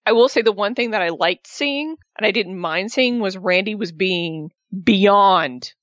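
Sarcastic woman co-host, animated, kinda dull lo-fi mic, dry sound. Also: medium pitch, a little slow, no room sound. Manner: animated, sarcastic, rising to excited outbursts. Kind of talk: casual wrestling recap chat.

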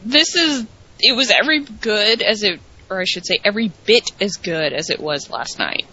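A woman's voice: medium pitch, expressive, moderate pace, sharp tone, husky, muffled recording. A woman co-hosting a casual wrestling recap podcast, chatty and thinking aloud with restarts. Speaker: co-host.

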